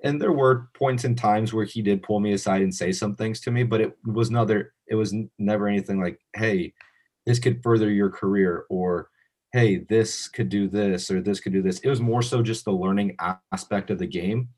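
A young man, a college baseball pitcher, chatting casually as a podcast guest and telling stories. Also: fairly even intonation, normal speed, darkish tone. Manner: easygoing storyteller, acts out quoted lines.

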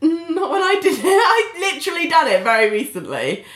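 Lively woman, echoey room. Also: high voice. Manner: chatty, teasing, quick to laugh. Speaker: podcast co-host. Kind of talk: casual chat.

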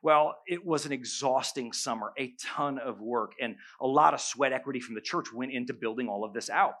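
A middle-aged male pastor preaching a sermon, telling a story with humor and animated bursts. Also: on the high side.

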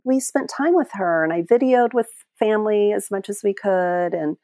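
A middle-aged woman speaking as an interview guest, her voice sitting at an ordinary middle pitch. She tells her story in a heartfelt, halting way, often breaking off and restarting. The sound is dry and close. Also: dark tone, no room sound. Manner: halting, heartfelt, many restarts and trailing phrases. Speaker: interview guest, end-of-life caregiver. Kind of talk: emotional personal storytelling.

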